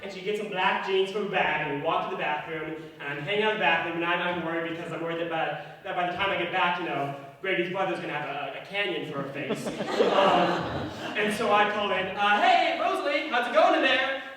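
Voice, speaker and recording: A man's voice: sits high, fast. A young man doing a stand-up set at a comedy club, self-deprecating and rambling with fillers. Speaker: stand-up comic. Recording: echoey room from far off, loud crowd. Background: audience laughing.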